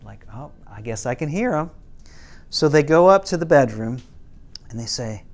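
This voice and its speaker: Man, middle-aged, parenting teacher, casual storytelling, medium pitch. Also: expressive, moderate pace, long pauses. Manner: casual, quotes parents and kids in lowered voices, some restarts.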